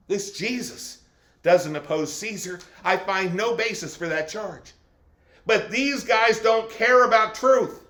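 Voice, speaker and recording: A torn, fearful Roman governor, as a preacher portrays him questions himself in an anguished inner monologue. The voice sits fairly high for a man and rings in an echoey church room, with a dramatic first-person telling. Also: fairly bright tone. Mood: anxious.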